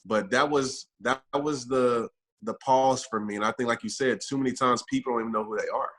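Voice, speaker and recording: Speaking a touch quickly with a medium-pitched, fairly bright voice, a motivational speaker guests on a podcast and draws sincerely and thoughtfully on what he has lived through.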